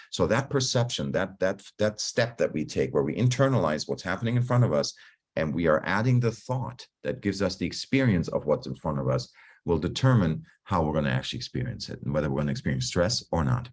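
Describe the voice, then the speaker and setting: A man coaching a group on stress in a relaxed, conversational way over a video call, often restarting his sentences and acting out his own inner dialogue. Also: a bass voice, slightly rough. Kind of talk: online talk on stress.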